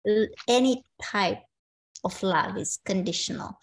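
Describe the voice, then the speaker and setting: A woman's voice: mid-range voice, expressive, a little slow. Woman participant on a video call, probing and skeptical. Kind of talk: questioning in a spiritual conversation.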